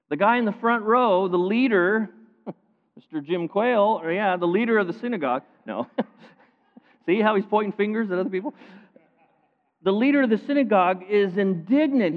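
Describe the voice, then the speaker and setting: A man preaching a sermon, retelling a scripture story with lively emphasis that swings between loud, pointed lines and quiet asides. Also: high voice, normal speed, long pauses. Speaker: pastor. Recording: phone-like sound with long hall reverb.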